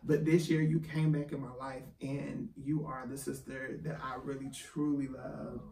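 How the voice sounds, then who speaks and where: A man's voice: mid-range voice, level tone, normal speed, mellow. A man co-hosting a casual chat show, speaking in a heartfelt, emotional way. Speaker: podcast co-host. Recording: echoey room, mic at a distance, faint ambient noise.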